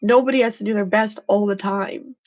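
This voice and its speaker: On a lo-fi recording, this woman talks briskly with a medium pitch, a steady tone, and a darkish quality. Running a motivational live stream, she comes across as earnest and full of feeling, driving her points home with "freaking."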